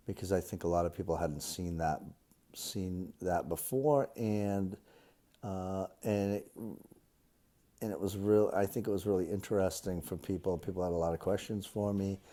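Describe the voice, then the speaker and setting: A fifty-year-old man with a Boston accent, reading a passage and answering interview questions with many ums and pauses. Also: low-pitched, dark tone. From Cape Cod, Massachusetts. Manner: hesitant, many ums and uhs.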